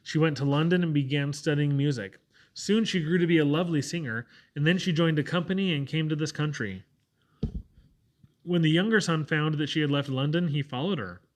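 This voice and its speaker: A man voicing a gentle but firm young woman who soothes a sick friend. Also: fairly high pitch, natural voice.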